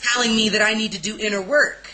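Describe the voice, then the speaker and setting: A woman's voice: fairly high pitch, steady tone, quick pace, crowd noise, rough recording. A woman telling a personal story in a casual interview, candid and emotional, blunt at times.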